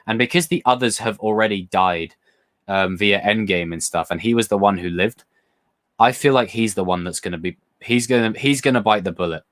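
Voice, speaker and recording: A young man hosting a casual live stream, answering chat questions in a rambling, excitable way and swearing freely. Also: on the low side, a little fast. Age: young adult. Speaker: livestream host reading chat questions.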